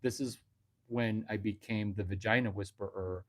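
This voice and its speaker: A man's voice: on the low side, steady tone, moderate pace. A man hosting a livestream, telling a crude, boastful, rambling comic story.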